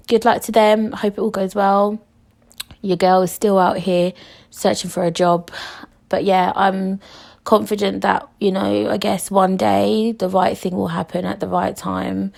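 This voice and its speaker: Chatty woman podcaster with vocal fry. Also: medium pitch, a little mellow. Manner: chatty, candid, heavy use of "like" and "you know"; open about her feelings, sometimes swears. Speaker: podcast host. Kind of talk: casual solo podcast chat.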